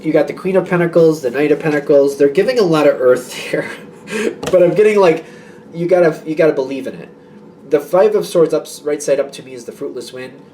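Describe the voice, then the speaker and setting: A man's voice: fairly high pitch, mellow, recorded from a distance, slight background noise. A man giving a casual tarot reading to his viewers, rambling and reassuring, with many fillers and restarts. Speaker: tarot reader.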